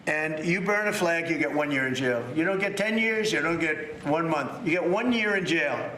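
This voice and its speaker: A man's voice: a little high, lively intonation, normal speed, bright, forceful tone, a little hiss or hum. A man speaking to the press, emphatic and repetitive. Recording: roomy clip with faint ambience.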